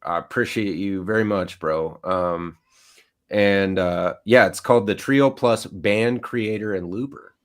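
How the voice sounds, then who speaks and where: A man's voice: lowish voice, a little slow. A middle-aged man co-hosting a live stream, chatting casually with lots of fillers. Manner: rambling, filler-heavy. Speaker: co-host. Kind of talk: casual chat.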